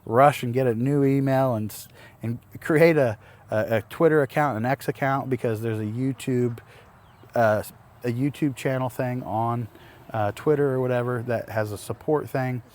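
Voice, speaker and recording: A man, possibly in his thirties, tells a personal story straight to the camera as a homestead vlogger. He rambles with many restarts and fillers, exasperated as he recounts what happened. His pitch sits in an ordinary middle range. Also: normal speed, a little mellow. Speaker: homesteading YouTuber.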